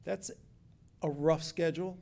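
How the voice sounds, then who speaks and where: A man's voice: fairly high pitch, steady tone, a little slow, creaky, dark tone. A man giving an informal community update as director of construction projects, joking and chatty, often restarting his sentences. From Philadelphia area.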